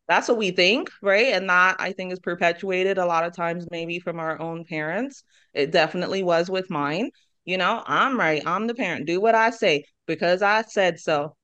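A woman's voice: sits low, clear, resonant tone. A woman in her forties co-hosting a podcast, speaking in a reflective, encouraging way. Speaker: podcast co-host. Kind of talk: casual podcast chat.

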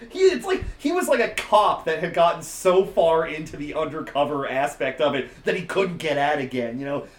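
A man's voice: on the high side, very animated, moderate pace. A man co-hosting a podcast, recapping wrestling in a joking, crude, casual way. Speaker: podcast co-host. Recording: roomy echo.

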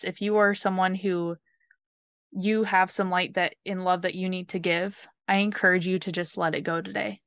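Woman podcast host, heartfelt and earnest, smooth clear voice, dry close mic. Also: lowish voice, a bit bright, dry recording. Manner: earnest, emotional, many restarts.

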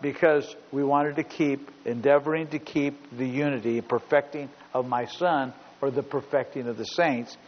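A man's voice: mid-range voice, fairly even intonation, normal speed, hardly any pauses, slight background noise. A middle-aged man preaching a sermon as pastor, telling stories emphatically and repeating points. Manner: storytelling, emphatic, repeats himself. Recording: dull recording in a big reverberant hall.

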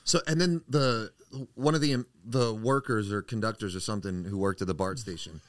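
A man's voice: lowish voice, moderate pace, dry recording. A young man, a podcast guest, telling a profane story with lots of acted-out quotes. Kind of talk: casual storytelling.

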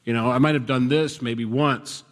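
A man preaching a conversational sermon, animated and self-deprecating, swinging between loud bursts and quiet asides. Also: mid-range voice, normal speed. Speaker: pastor. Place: church sanctuary. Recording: church sanctuary with long reverb.

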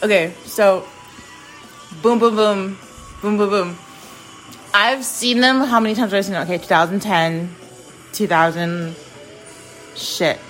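A woman's voice: mid-range voice, measured pace, pauses often, faint music behind. Woman, young adult, gushing, rambling, casual podcast chat, laughs often. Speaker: podcast host.

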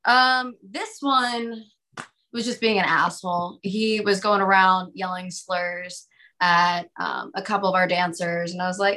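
Bright-voiced young woman, wry and blunt. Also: lowish voice, fairly even intonation. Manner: blunt, wry, quick quips. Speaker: podcast guest. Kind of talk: casual chat.

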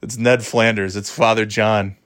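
A man in his thirties hosts a loose, casual podcast chat. His voice sits on the low side. He restarts sentences often, swears freely and laughs at his own story. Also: level tone, normal speed, fairly bright tone, smooth. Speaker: podcast host.

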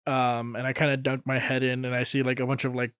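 Relaxed man describing his character's moves. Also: mid-range voice, clean tone, no echo, studio quality. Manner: relaxed, halting, many fillers. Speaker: player. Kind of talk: playing a tabletop game.

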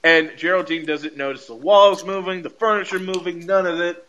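A man chats through a casual podcast recap in a high voice. His tone is bright and forceful, and he tells the story animatedly with frequent laughs. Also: steady tone, normal speed, lo-fi sound, slight background noise. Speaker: podcast host.

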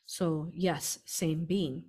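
Casual woman host, low-ish voice, laughs a lot, talks straight to viewers. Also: steady tone, extremely slow, mellow, breathy edge. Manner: chatty, laughs often, addresses listeners as "you all". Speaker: spiritual channeler hosting a live stream. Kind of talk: casual spiritual talk answering viewer questions.

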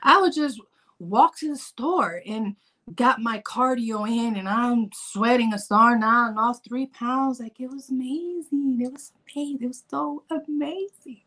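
Woman, 40s, casual vlog chat, animated, fairly high voice. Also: a little slow. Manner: animated, playful, acts out her own inner voice. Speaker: fitness vlogger. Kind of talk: casual vlog talk to camera.

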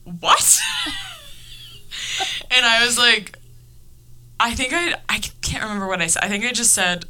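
Bright-voiced young woman hosting a podcast. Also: a little high, moderate pace. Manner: animated, laughs often, many fillers. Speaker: podcast host. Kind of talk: casual chat, storytelling.

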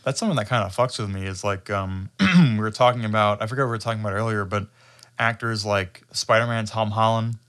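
A man co-hosting a podcast, chatting casually and rambling through profane, animated retellings. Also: on the low side, fast talker. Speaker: podcast co-host. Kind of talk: casual chat.

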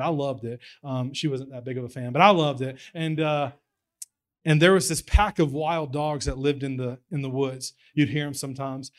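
A young man preaches, his voice sitting a little high. He tells stories in an easygoing, folksy way and keeps pressing his points with rising excitement. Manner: folksy storytelling, builds to excited emphasis. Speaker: pastor. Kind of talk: sermon.

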